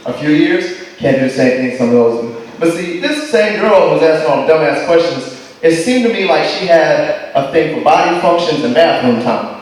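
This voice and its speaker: A man's voice: a little high, lively intonation, normal speed. A man doing a stand-up comedy set, telling stories about a girlfriend in a profane, exasperated way. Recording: echoey hall, distant mic.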